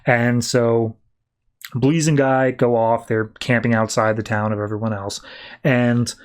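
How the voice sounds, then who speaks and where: A man's voice: mid-range voice, level tone, a little slow. Chatty man recapping comics. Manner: chatty, many "like" fillers. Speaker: podcast host. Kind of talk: casual comic book recap.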